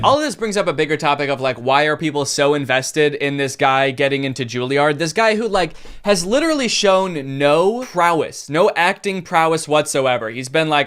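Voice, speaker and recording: A man's voice: on the high side, moderate pace, hardly any pauses, fairly bright tone, clean tone, soft background music. A young man giving sarcastic, rambling comedic commentary as the host of a reaction video.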